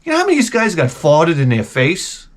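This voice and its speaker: A middle-aged man rants through comic stories in a high voice with wild swings in pitch. He exaggerates everything, swears freely and piles up complaints with loud disbelief. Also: fairly quick. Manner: animated, profane, exaggerated complaining. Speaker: comedic host. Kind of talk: comedic storytelling rant.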